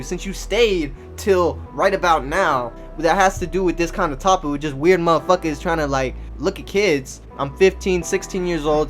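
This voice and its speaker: A young man telling a casual storytime, loose and slangy with lots of cursing and fillers. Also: high-pitched. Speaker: vlogger.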